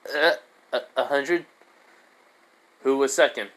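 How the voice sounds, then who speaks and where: A man voicing a teenage boy student who is sore and modest and talks in a hesitant, halting way. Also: mid-range voice, a bit bright. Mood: unsure.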